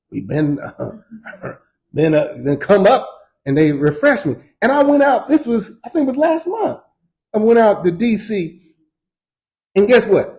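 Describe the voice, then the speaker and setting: A man teaching Sunday school as pastor, in a lively, folksy preaching style full of slang and repetition, in a church. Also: high voice, poor audio.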